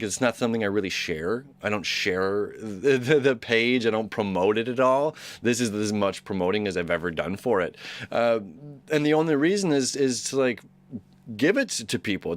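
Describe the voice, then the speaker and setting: A man hosting a daily astrology talk, rambling and enthusiastic with lots of fillers and restarts. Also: on the low side. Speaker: astrology channel host. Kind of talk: casual daily horoscope talk.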